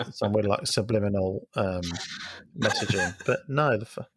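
A man's voice: lowish voice, lively intonation, slow, a bit bright, slight background noise. A man co-hosting a casual football podcast, wry and self-mocking. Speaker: podcast co-host.

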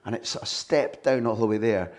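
A man's voice: on the low side, a little fast, a little mellow. A Scottish man hosting a podcast, a football journalist telling rambling, vivid anecdotes. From Scotland. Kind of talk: casual chat.

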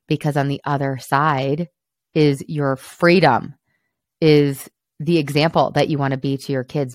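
A woman's voice: deep voice, no room sound, clean studio sound. A woman in her thirties hosting a solo podcast, talking candidly and encouragingly to other moms and teasing herself about her own slips. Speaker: podcast host, mom coach.

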